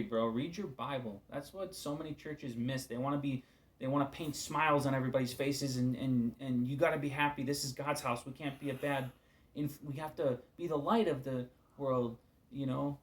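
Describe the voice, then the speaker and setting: A man giving an informal devotional talk as a preacher, casual and candid, weary and subdued, often trailing off into quiet asides. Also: medium pitch, fairly even intonation, normal speed.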